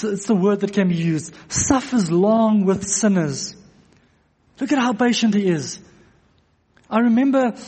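A man's voice: high voice, a little mellow, husky. A man preaching a sermon to a congregation, earnest, repeating phrases for emphasis. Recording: long echo of a church hall.

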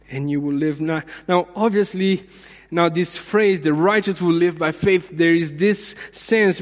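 A man with a high voice preaches slowly, pausing and repeating his phrases for emphasis. His sermon rings out with the long reverb of a large hall. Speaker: pastor.

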